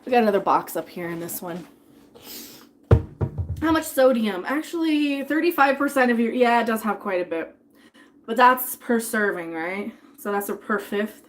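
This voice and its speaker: A woman's voice: a little high, animated, normal speed. Chatty woman streamer eating on stream. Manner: chatty and rambling, thanking viewers, talking with food in her mouth. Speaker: live streamer. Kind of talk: casual live-stream chat while eating.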